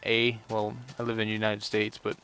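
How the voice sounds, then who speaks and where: A man's voice: on the low side, monotone, brisk, fairly bright tone, clear, resonant tone, soft background music. A young man giving casual let's play commentary, rambling and full of "you know" fillers. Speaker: gameplay commentator.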